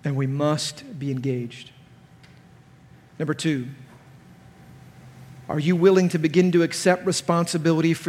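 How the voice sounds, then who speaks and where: A pastor preaching at a conference, animated, acting out the people he quotes in a raised voice. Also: on the high side. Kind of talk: conference sermon. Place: conference hall. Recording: large hall with long reverb.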